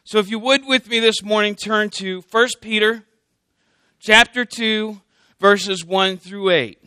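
Brief: high, bright-voiced male preacher, casual and joking with the congregation. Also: fairly even intonation, slow pace, clear, resonant tone, no echo. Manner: joking, conversational, checks in with the congregation. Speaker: candidate pastor preaching. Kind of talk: sermon.

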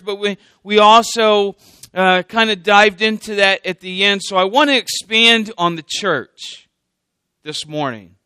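Brief: high, bright-voiced male preacher, casual and joking with the congregation. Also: clear, resonant tone, no room sound. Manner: joking, conversational, checks in with the congregation. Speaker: candidate pastor preaching. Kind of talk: sermon.

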